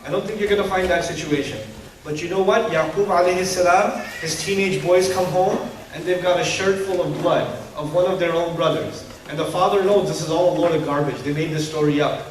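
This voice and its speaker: A man with a fairly high voice delivers an Islamic lecture to a live audience, animated and humorous and full of rhetorical questions. He is heard from a distance in a strongly echoing lecture hall. A faint hum of the room sits behind him. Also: a little fast. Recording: echoey hall, distant mic.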